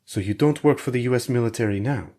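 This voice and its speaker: Man voicing a soft-spoken reassuring interrogator. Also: medium pitch, fast, pitched above the performer's own voice, lightly acted. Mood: pressing.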